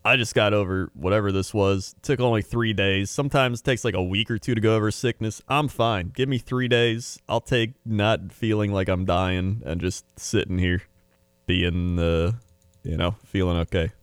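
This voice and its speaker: A man with a lowish, smooth voice, chatting in an easygoing, rambling way. His talk is relaxed and unhurried. The recording is dry and close, with no room around it. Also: dry recording. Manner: laid-back, rambling, easygoing. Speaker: podcast co-host. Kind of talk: casual chat.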